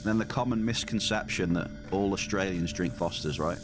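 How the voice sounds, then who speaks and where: Low-voiced man chatting on stream. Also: moderate pace, over music. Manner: chatty, repeats words while playing. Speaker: game streamer. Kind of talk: casual live-stream chat with viewers.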